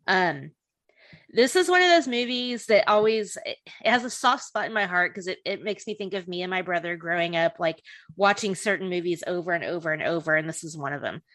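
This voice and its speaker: A woman co-hosting a casual podcast chat, blunt and animated, laughing often. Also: fairly low pitch, a little fast, no echo. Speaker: podcast co-host.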